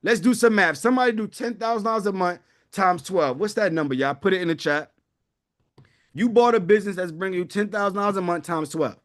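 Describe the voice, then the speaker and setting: Fired-up man pitching wealth building. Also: fairly bright tone. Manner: fervent, preachy, calls out to the audience. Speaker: wealth-building webinar host. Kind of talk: live online sales pitch.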